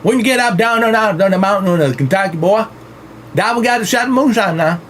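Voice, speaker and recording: Man doing a rowdy Southern backwoodsman, put-on Southern drawl, high and loud, bossy, faint hum behind. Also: fast talker. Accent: put-on American Southern.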